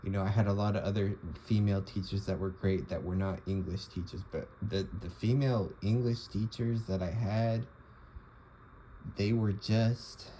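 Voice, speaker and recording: A man's voice: on the low side, steady tone, normal speed, mellow, slight background noise, poor audio. A young man talking casually to the camera, rambling with lots of fillers and restarts. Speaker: vlogger. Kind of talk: casual monologue.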